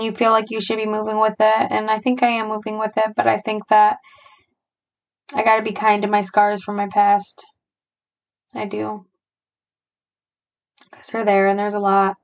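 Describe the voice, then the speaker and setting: A young adult woman speaks alone into her podcast mic, reflecting on her feelings. She talks in a halting, searching way, full of sighs and fillers, and her mid-pitched voice has a strong vocal fry. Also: low-quality recording. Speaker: podcast host. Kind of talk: personal reflective monologue.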